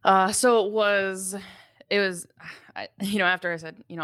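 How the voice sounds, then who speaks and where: A woman's voice: medium pitch, steady tone, moderate pace, fairly bright tone, smooth, no echo, studio quality. A woman in her thirties co-hosting a parenting podcast, telling a candid story about her child in a reflective, self-mocking way. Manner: candid, reflective, laughs at herself. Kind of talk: casual conversational storytelling.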